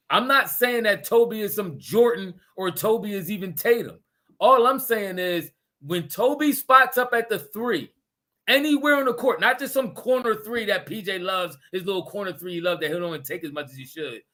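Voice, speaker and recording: A man with a bright, slightly high voice pressing his case in a heated sports podcast argument. He talks emphatically, lays out his points one by one and laughs often. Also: moderate pace. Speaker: podcast co-host.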